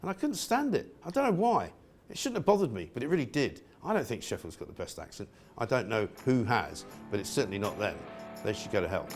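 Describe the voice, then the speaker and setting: A middle-aged man delivers a scornful, outspoken opinion segment, his pitch swinging widely as he mocks his targets. He sounds sarcastic throughout. Faint music plays quietly behind him. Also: very animated, quick pace. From England. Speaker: presenter. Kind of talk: opinionated monologue.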